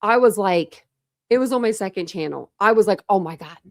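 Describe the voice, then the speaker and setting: Chatty woman with a gravelly edge. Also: mid-range voice, expressive, brisk, dry recording, studio quality. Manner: chatty, many fillers and restarts. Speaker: true crime livestream host. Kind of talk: casual rambling livestream chat.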